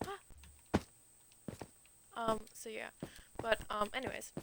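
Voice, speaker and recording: A woman's voice: fairly high pitch, fairly even intonation, a little slow, sharp tone, a little hiss or hum, low-quality recording. A young adult woman streamer telling a myth in a rambling, slangy way, full of "like" and "um". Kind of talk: casual storytelling on a stream.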